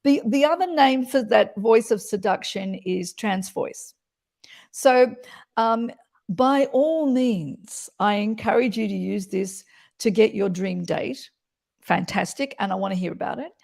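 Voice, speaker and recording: Expressive woman voice coach, gravelly edge. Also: mid-range voice, unhurried. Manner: expressive, demonstrates voice qualities while explaining. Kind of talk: explanatory interview chat.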